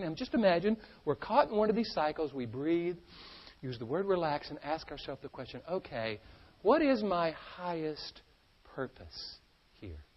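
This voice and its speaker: Male seminar speaker, energetic and playful, works the crowd; animated pitch, lo-fi recording. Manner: energetic, playful, engages audience. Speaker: stress management speaker. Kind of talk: live seminar talk to an audience. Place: seminar room with live audience.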